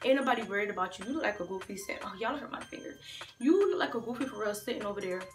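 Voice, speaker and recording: A young woman vlogger telling a storytime tale in an animated, slangy way, talking straight to her viewers. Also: medium pitch, rapid-fire, roomy sound, soft background music. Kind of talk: storytime vlog.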